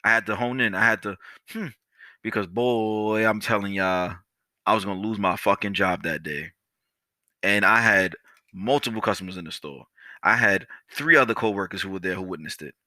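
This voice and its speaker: A young man hosting a podcast, telling a story in a casual, animated, profane way and talking straight to his listeners. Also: on the low side, moderate pace, no room sound. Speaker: podcast host.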